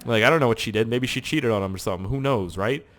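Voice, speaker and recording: Talking quickly in a mid-range, fairly bright voice, this Canadian man narrates rambling, profane stories over his gameplay. He's a gaming YouTuber doing casual storytelling while he plays.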